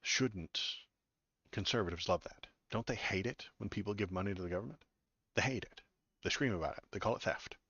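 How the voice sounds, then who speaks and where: A man's voice: fairly low pitch, fairly quick, a bit bright, slightly rough, no echo. A man hosting a political livestream, reading news aloud and answering it with sarcastic, rambling commentary full of fillers and restarts. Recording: dull lo-fi, dry.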